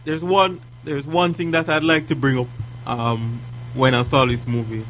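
A man's voice: mid-range voice, little pitch movement, moderate pace, fairly bright tone, a little hiss or hum, poor audio. A man co-hosting a podcast, chatting casually, laughing often and teasing his co-hosts in mock exasperation. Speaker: podcast co-host. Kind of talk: casual chat.

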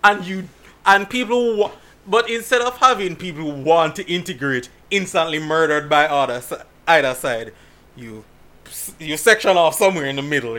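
A man from Jamaica, chatting casually and telling stories in an animated way, laughing often. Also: fairly high pitch, moderate pace. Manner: animated storytelling with frequent laughs. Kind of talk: casual chat.

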